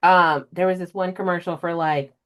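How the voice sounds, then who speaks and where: A young woman hosting a casual book podcast, chatty and emotional, jumping way up in pitch when she acts out her own reactions. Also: normal speed. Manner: emotional, animated storyteller with big pitch jumps in quoted reactions. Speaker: podcast host. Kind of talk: casual chat.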